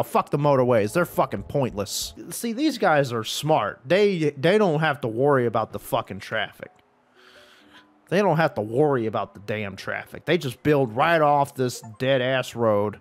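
A man's voice: medium pitch, animated, moderate pace, no room sound, faint music behind. A young man giving profane, exasperated commentary while playing a video game, talking at the game. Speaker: gaming YouTuber. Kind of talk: frustrated gameplay commentary.

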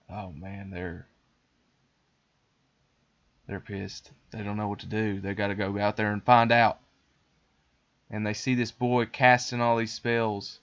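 A man's voice: on the low side, measured pace, long pauses. Rambling man on a dull podcast mic. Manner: rambling, animated, with fillers. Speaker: podcast host. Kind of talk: casual retelling of a cartoon.

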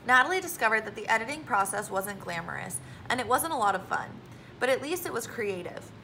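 A woman reads a children's novel aloud, steady and clear. Her voice sits slightly high and bright, with a gravelly edge, and a faint hiss under it. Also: fairly quick, poor audio. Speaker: audiobook reader.

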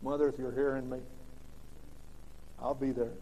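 A man preaching a sermon as pastor, swinging between loud emphatic bursts and quiet, low asides. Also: level tone, moderate pace. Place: large church sanctuary. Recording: old lo-fi recording with long reverb.

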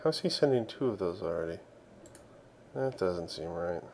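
Excitable gravelly young man. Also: low-pitched, normal speed, a little hiss or hum. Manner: excitable, talks to himself while playing. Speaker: gaming channel host. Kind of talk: casual game commentary.

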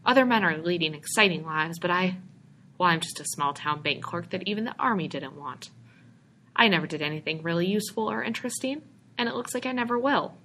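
A woman's voice: on the low side, lively intonation, fairly quick, sharp tone, slight background noise. A woman reading aloud, voicing a weary young male bank clerk who sounds bitter and scoffing, his voice rising. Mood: despairing.

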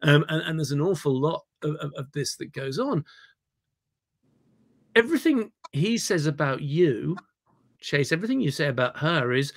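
A man leading an online acting workshop. He is animated and digressive, repeating words when he gets excited, heard over a video call. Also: a little high, normal speed, long pauses. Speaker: theatre director leading a workshop.

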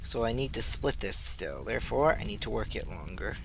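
A man doing let's play commentary, talking to himself as he plays and bursting into excited squeals. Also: on the low side, brisk, creaky, background noise. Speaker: gaming channel host.

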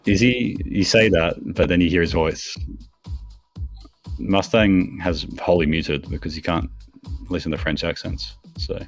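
A man casually commentating a video game match on stream, chatty and teasing, with quick bursts of excitement on plays. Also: deep voice, faint music behind. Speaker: esports commentator.

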